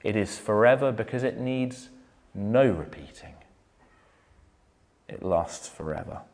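A man preaching a sermon, earnest, building to loud emphatic points and then dropping to a soft, low close. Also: lively intonation, unhurried.

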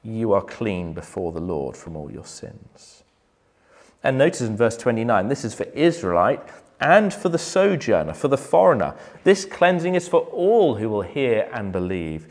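A man preaching a sermon, earnest, building to loud emphatic points and then dropping to a soft, low close. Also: big pitch swings, unhurried.

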